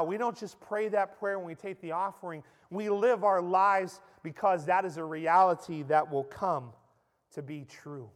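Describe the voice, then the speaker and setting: A man preaching a sermon with impassioned, emphatic delivery in a church. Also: high voice. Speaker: pastor. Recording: echoey church hall.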